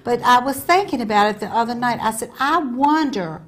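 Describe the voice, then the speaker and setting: A woman's voice: fairly high pitch, a little fast. A woman with a Southern accent, co-hosting a chat show and talking in a chatty, reflective way. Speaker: co-host. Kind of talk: casual talk-show chat.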